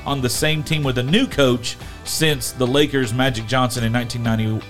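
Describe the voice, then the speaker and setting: A man hosting a podcast in casual chat, telling stories with lively energy and acting out what people said. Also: medium pitch, a little fast, soft background music. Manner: animated storyteller, acts out quotes. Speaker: podcast host.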